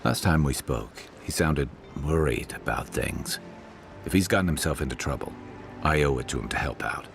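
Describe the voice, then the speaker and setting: An actor playing a roguish former soldier and sailor companion in a game, with dry joking banter. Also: male voice, moderate pace, creaky, over music. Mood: wry. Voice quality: very deep, slightly filtered.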